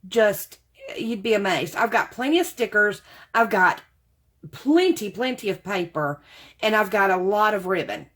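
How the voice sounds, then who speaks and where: A woman's voice: mid-range voice, normal speed, fairly bright tone. A woman, chatting casually to camera about craft supplies she bought, rambling and calling her viewers y'all. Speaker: craft haul vlogger.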